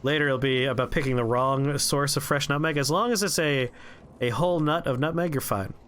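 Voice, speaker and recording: A man streaming a game, rambling through profane, relaxed anecdotes as he plays. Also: medium pitch, fairly quick, a little hiss or hum. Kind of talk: casual gameplay commentary and storytelling.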